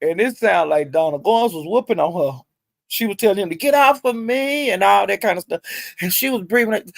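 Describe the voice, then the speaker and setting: A woman riffing on a livestream, talking straight to her chat and laughing between lines. She curses freely, jumps from loud outbursts to low muttering, and her voice sits close and dry with no room sound. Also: animated, brisk, gravelly, dry recording. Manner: talks straight to chat viewers by name, laughs a lot, heavy cursing. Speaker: livestream host. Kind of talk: casual livestream commentary.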